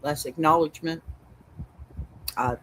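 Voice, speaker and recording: A Texan woman hosts an advice show from home with a dog nearby, reading a reader's story aloud before delivering a blunt, sassy verdict. Her low voice is steady and unhurried, on a low-quality recording with a little hiss or hum.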